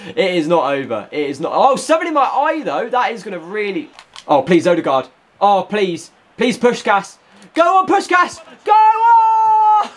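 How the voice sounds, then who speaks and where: A young man commentates his own football video game as it happens, his fairly high voice leaping wildly up and down. He jokes with his viewers and breaks into sudden shouts when a goal goes in. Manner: excitable, jokey, bursts into shouts. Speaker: gaming YouTuber. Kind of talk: live gameplay commentary.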